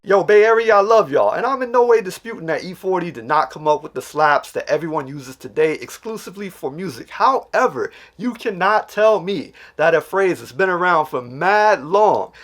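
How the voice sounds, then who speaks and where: A man from Illinois hosting an English-teaching vlog, talking in a relaxed, slangy way and explaining with examples. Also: high voice, moderate pace, hardly any pauses. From Illinois, USA. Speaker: English teacher and video host. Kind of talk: casual talking-to-camera vlog.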